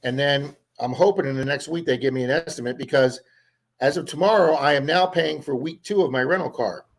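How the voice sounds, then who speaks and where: A man's voice: fairly high pitch, brisk, poor audio. A man hosting a casual livestream chat, telling long stories and often repeating words as he goes. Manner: chatty storyteller, repeats words. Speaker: livestream host.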